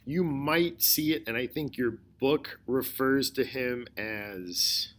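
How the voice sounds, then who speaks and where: Slow, deliberate male history teacher. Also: medium pitch, a bit bright. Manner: slow, deliberate explaining with repetition. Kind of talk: recorded history lecture.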